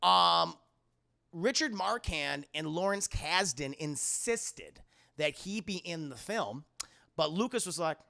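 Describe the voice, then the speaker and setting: A young man casually reviewing a film on a live stream, animated, chatty and profane. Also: on the high side, takes it slowly, vocal fry.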